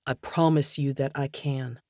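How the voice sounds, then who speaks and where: A woman reader doing a tender young husband in an audiobook, dropped a little lower and softer than her narration. His lines are quiet and reassuring. The sound is close and dry. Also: fairly even intonation, measured pace, no echo. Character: gentle, soft-spoken young husband. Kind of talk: audiobook character dialogue.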